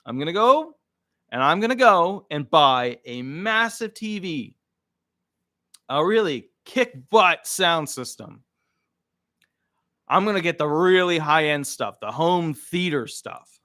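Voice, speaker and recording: A man's voice: a little high, expressive, slow, pauses often, pushed and bright, pitched above the performer's own voice, exaggerated voice. A man voicing a reckless husband who breezily waves off his wife's worries. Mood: breezy. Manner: breezy, dismissive. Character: reckless husband on a spending spree.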